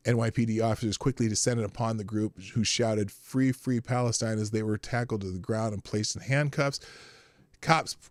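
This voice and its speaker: A man's voice: fairly low pitch, moderate pace, dry recording. A man hosting a live stream in a casual chatty way, reading articles aloud and laughing often. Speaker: live show host.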